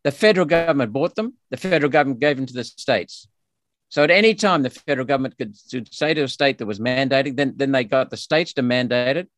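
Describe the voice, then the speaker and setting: A man's voice: medium pitch, expressive, fast talker, a bit bright, dry recording. An Australian man speaking as a politician guest in a podcast interview, emphatic and indignant with frequent restarts.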